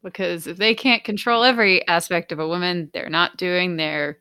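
A woman co-hosting a podcast, with a bright, ringing voice. She talks casually and makes her sarcasm obvious. The sound is close and dry. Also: fairly low pitch, steady tone, moderate pace, clean tone, dry recording. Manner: sarcastic, blunt. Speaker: podcast co-host.

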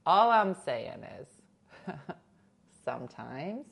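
A chatty woman hosts a casual livestream from home on a new desk mic, telling stories and reading viewers' comments aloud. Her somewhat low voice is very animated, with wide pitch swings as she acts out what others said, and she laughs often at a measured pace. The recording sounds muffled.

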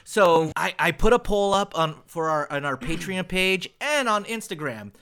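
A man's voice: sits high, animated, normal speed, bright, forceful tone, clean tone. A man hosting a podcast, joking and teasing his guests in casual chat. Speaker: podcast host.

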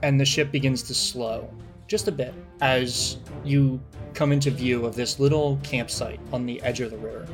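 A man narrating a tabletop game as game master in a relaxed, descriptive way with many fillers. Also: mid-range voice, moderate pace, soft background music.

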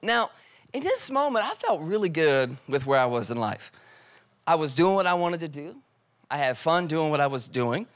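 A pastor preaches loosely and conversationally, acting out text messages and his own reactions while telling a story. His fairly high, fairly bright voice is sing-song at a moderate pace, and "like" keeps popping up as filler.

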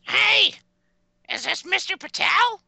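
A woman's voice: very high-pitched, animated, slow pace, vocal fry, bright, forceful tone, no room sound, heavily acted. A woman voicing a tiny, menacing self-styled killer who calls in to a show, talking tough and sarcastic in improvised comedy. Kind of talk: improvised comedy role-play.

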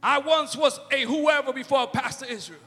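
A man preaching a fervent sermon in a church, shouting and calling out hallelujahs. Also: very high voice, normal speed. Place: church sanctuary. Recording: long hall reverb with faint music.

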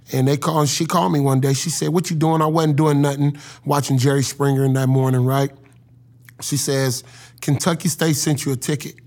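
A man telling his life story in an earnest, emotional, casual way, as a former football player. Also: on the high side. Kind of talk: personal storytelling.

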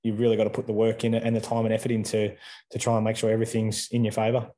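Laid-back Australian man, flat low voice. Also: rapid-fire. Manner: relaxed, laid-back, says mate often. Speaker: guest, former footballer. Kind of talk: casual interview chat.

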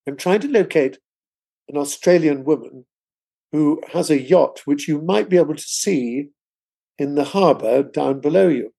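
A man's voice: fairly high pitch, expressive, moderate pace, vocal fry, warm tone, husky. An older man, a guest author, telling a long anecdote in conversation, rambling with many asides. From England. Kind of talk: storytelling in conversation.

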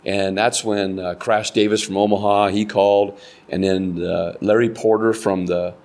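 Animated older man telling fishing stories. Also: on the low side, moderate pace. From United States. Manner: animated storyteller, acts out quoted voices. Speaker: kayak fishing guide. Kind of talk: casual storytelling interview.

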